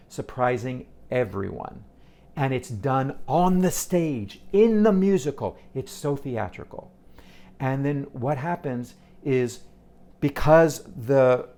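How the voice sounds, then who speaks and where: A man's voice: mid-range voice, a little mellow. A man reviewing a theater show to camera, retelling scenes in an impassioned, emphatic way. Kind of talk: casual spoken review to camera.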